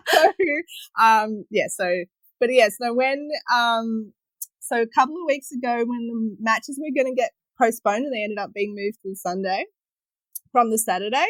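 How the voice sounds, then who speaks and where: A woman in her thirties talks through stories with a bright laugh never far away. Her voice sits a little high. The sound is close and dry. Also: unhurried, no room sound. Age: 30s. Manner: chatty storyteller, laughs often. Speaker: podcast guest. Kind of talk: casual chat.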